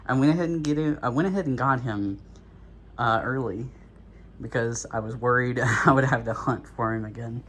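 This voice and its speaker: A man chats through an unboxing in a loose, rambling way, full of little fillers and restarts. His voice sits at an ordinary middle pitch and sounds slightly out of breath. A faint room hum sits underneath. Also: moderate pace, pauses often, a bit bright. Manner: rambling and easygoing, with many fillers. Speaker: toy and prop reviewer. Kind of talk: casual unboxing talk.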